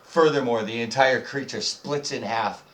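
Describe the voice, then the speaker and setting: Casual dungeon master with a distant mic. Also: male voice, medium pitch, moderate pace, fairly bright tone. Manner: casual, joking, hesitant with fillers. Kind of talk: narrating a tabletop game.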